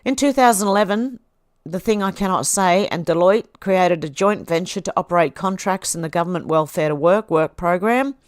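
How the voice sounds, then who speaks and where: A woman's voice: fairly low pitch, normal speed, dry recording, studio quality. A woman hosting a livestream, reading posts aloud and reacting in a chatty way. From Australia. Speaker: livestream host.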